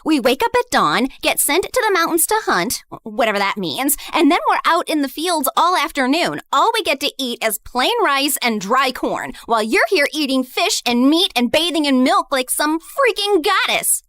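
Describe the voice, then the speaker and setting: A woman voicing a cruel, bitter teenage girl who sneers and accuses in an animated drama. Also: high voice, normal speed, hardly any pauses, no echo, clean studio sound. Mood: angry.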